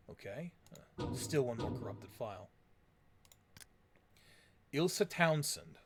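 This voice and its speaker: A man's voice: medium pitch, animated, slow, long pauses, slightly rough. Wry man commenting on a game. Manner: blunt, wry asides. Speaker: streamer.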